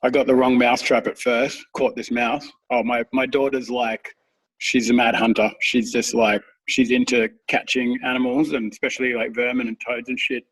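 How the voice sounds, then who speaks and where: A man's voice: medium pitch, little pitch movement, moderate pace, far from the mic, low-quality recording. A man in his thirties, co-hosting a podcast, who rambles through casual stories and swears freely. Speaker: podcast co-host. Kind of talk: casual chat.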